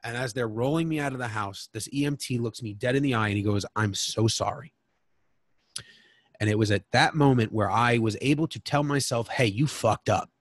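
A man's voice: mid-range voice, fast, hardly any pauses, no room sound. A man as a podcast guest, telling a candid personal story in a frank, emotional way and swearing freely.

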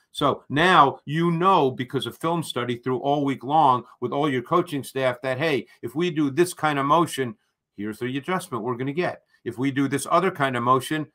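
A man with a bright, forceful voice lays out football tactics in a measured, explanatory way. He speaks at a middle pitch as an analyst co-host.

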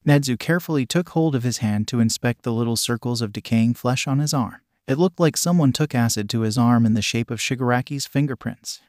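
A man narrates a dark fan story in an even, literal read that spells out symbols. His pitch sits mid-range, and the sound is dry and close to the mic. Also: brisk, few pauses, dry recording.

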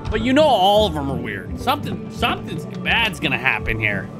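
A man hosting a let's play, giving excitable, jokey commentary with loud reactions and swearing. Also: a little high, normal speed. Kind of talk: gameplay commentary. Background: game music.

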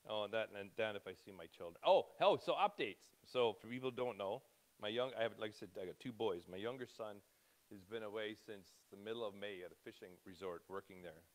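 A man's voice: fairly low pitch, a little fast. Middle-aged male preacher, casual and rambling, emotional, self-interrupting delivery. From Canada. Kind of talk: informal church talk.

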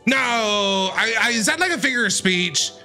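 A man giving excitable reaction commentary while reading a manga, firing off questions and exclamations. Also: sits high, moderate pace, faint music behind. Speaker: streamer, content creator.

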